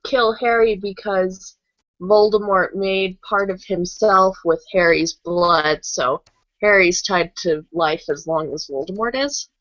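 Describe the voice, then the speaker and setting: A woman co-hosting a casual book-club podcast, explaining her points deliberately. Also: medium pitch, a bit bright, no room sound, dull audio. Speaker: podcast co-host.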